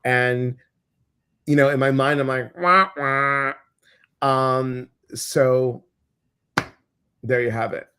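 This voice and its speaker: A man with a Midwestern American accent hosting a casual livestream chat, talking in an animated way with many fillers and restarts. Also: medium pitch, takes it slowly, long pauses, smooth. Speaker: host.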